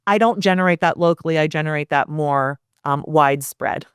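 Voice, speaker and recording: A woman's voice: deep voice, brisk, clean tone, no room sound, studio quality. A woman talking energetically as a podcast guest, acting out example messages as she explains. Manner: energetic, animated, acts out quoted lines. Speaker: guest, property management founder. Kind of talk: casual interview chat.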